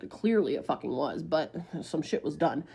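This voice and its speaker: A woman's voice: deep voice, creaky, mellow, breathy edge. A woman in her twenties telling a story casually to the camera, profane and rambling, with lots of fillers.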